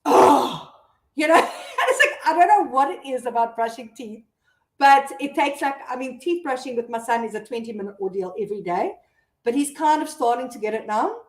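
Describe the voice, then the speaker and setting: Chatty South African mom, roomy sound. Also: female voice, fairly high pitch. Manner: chatty, reads out viewer comments, laughs often. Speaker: mom blogger hosting a live stream. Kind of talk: casual live-stream chat.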